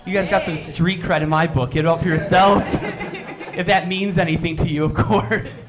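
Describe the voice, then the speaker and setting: A man doing a stand-up comedy set, telling silly stories with deadpan punchlines. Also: fairly high pitch, moderate pace, a crowd in the background, noisy background.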